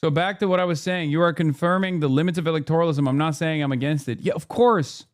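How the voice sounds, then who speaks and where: Combative high-pitched male streamer. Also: steady tone, quick pace. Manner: combative, profane and sarcastic; heated rants to chat. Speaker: streamer host. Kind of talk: livestream political commentary.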